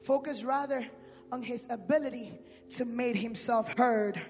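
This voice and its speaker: Male preacher, high voice, slangy, loud-to-quiet swings, big church reverb. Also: unhurried. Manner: swings between shouting and hushed speech. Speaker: pastor. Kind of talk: sermon. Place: church sanctuary. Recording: reverberant hall with music.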